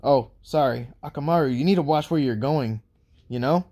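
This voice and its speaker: A man's voice: medium pitch, moderate pace, mellow, close to an everyday voice. A man voicing a cheerful teenage boy with a dog, in a casual, slightly hesitant read of a fan story. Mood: friendly.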